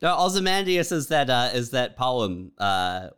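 A man's voice: mid-range voice, sing-song, measured pace, fairly bright tone, smooth. A man co-hosting a podcast, laid-back and dry in casual comedic banter. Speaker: podcast co-host.

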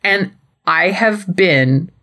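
A young adult woman co-hosting a casual recap podcast, animated and slipping into playful voices for quotes. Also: on the low side, drawn-out words. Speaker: podcast co-host.

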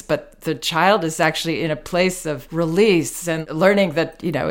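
A woman's voice: low-pitched, moderate pace, hardly any pauses. A woman hosting a podcast, reflecting thoughtfully in conversation with her guest. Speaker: podcast host. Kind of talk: casual interview conversation.

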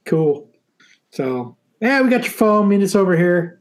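A married man casually telling a story on a podcast, animated, swearing freely and laughing often. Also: high voice, unhurried. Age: adult, married.

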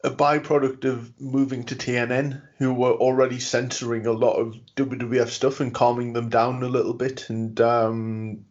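A man's voice: mid-range voice, level tone, normal speed, few pauses, a little mellow. Hesitant man on a podcast. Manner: hesitant, many ums and restarts. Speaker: podcast co-host. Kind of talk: casual chat. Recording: dull lo-fi sound.

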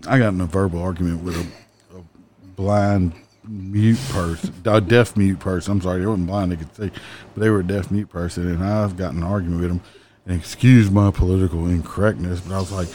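A blunt former police officer, a man with a lowish voice, telling stories from the job in loose, profane chat. He swears freely and turns loud when he gets worked up. A faint hum of ambience sits under his voice. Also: fairly even intonation, a little fast. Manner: blunt, profane, mimics people loudly. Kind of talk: casual storytelling chat.

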